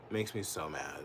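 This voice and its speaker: A man's voice: very deep voice, creaky, heavy background noise. A man doing live political commentary, rambling, profane and full of "like", getting heated and indignant. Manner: profane, rambling, heavy use of "like". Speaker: political livestreamer.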